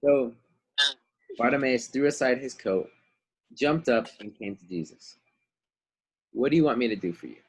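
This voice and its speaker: A man's voice: medium pitch, lively intonation, moderate pace, long pauses, a little hiss or hum, poor audio. A man teaching a Bible lesson over a video call, retelling the story casually in everyday slang. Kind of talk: online Bible class lesson.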